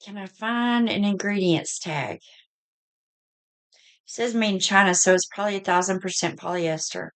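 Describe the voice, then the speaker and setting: A middle-aged woman with a Southern US accent, a bit hoarse, chatting in a folksy way through a casual haul video. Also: medium pitch, fairly even intonation, normal speed. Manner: chatty, folksy, says y'all. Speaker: vlogger.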